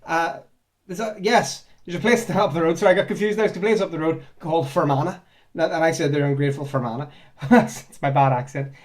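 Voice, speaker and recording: High-voiced man, sarcastic. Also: brisk. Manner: chatty, sarcastic and rambling, with frequent laughs. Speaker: ex-Jehovah's Witness vlogger. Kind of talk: casual commentary on reader comments.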